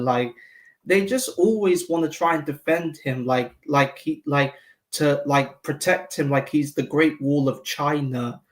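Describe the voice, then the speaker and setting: A man's voice: fairly high pitch, steady tone, a little slow. A man who is a regular guest on a fan show, giving frank opinions in a rambling way with lots of "like". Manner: frank, rambling, heavy use of "like". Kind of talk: casual opinion chat.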